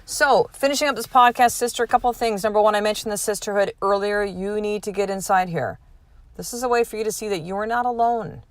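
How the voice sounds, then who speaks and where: Swearing, animated woman podcast host. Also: medium pitch, fast, no echo, low-quality recording. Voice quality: swears freely, animated storytelling. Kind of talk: casual solo podcast monologue.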